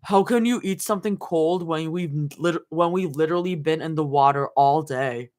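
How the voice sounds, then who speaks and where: A woman's voice: low-pitched, normal speed, a little mellow, lightly acted. A woman reading aloud and voicing a sensible young woman in a fan story, asking questions in an incredulous way.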